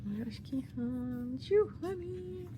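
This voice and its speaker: An excitable woman, chatting casually and gushing through an unboxing, often dropping into a half-whisper. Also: high-pitched, slow pace, slight background noise. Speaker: vlogger unboxing albums.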